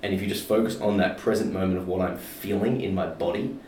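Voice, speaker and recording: A man's voice: low-pitched, steady tone, quick pace, darkish tone. A man talking casually about anxiety, loose and informal, with lots of fillers and some swearing. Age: adult parent of a toddler. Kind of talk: casual chat. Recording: roomy, distant mic with faint noise.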